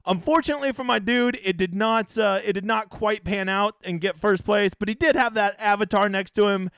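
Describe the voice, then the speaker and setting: A man's voice: high-pitched, brisk, a bit bright, smooth, no echo, clean studio sound. A young man hosting a fantasy sports live stream, brash, profane and hyped-up.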